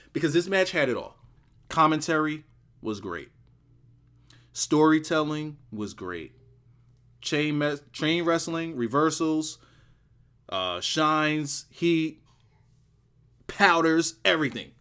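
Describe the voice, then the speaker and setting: Reviewing a wrestling show alone on video, this man is excitable and rambling, hammering words through repetition. His pitch runs on the high side, and he takes his time, leaving long pauses.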